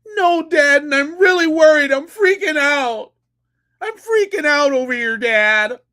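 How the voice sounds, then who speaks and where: A man's voice: extremely high pitch, lively intonation, measured pace, bright, forceful tone, pitched above the performer's own voice, exaggerated voice. A man mockingly imitating a whiny, panicky young son in an overwrought voice. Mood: mock panic.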